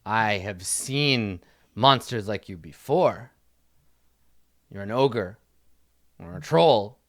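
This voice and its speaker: A man's voice: fairly low pitch, lively intonation, slow, a bit bright, heavily acted. A man doing a solemn little boy prince. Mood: solemn defiant. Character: defiant little boy prince in bird mask.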